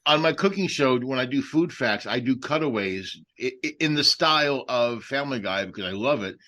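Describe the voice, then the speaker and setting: A man co-hosting a podcast, animated and talking over others with quick repeats. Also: mid-range voice. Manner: animated, jumps in and repeats lines. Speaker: podcast co-host. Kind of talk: casual chat.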